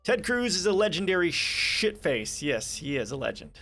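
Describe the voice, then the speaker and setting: A man's voice: high voice, very animated, normal speed, pushed and bright, soft background music. Profane ranting man streamer. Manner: profane, sarcastic, reads articles aloud and rants. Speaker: livestream host. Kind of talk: casual political commentary stream.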